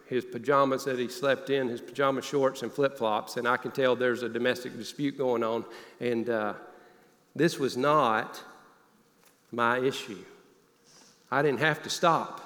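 A man preaching a sermon, telling a personal story in an earnest voice that often drops low and quiet. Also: fairly even intonation, a little slow. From Northeast Alabama. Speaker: pastor. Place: church sanctuary. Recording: long hall reverb.

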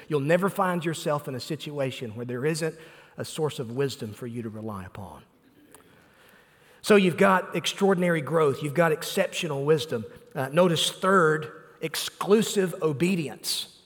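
A man delivers a sermon in a fairly high voice, earnest and emphatic, stacking repeated phrases and pausing on "uh". His words ring out with the long reverb of a large church hall. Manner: earnest preaching with emphatic repetition and frequent "uh" fillers. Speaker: pastor.

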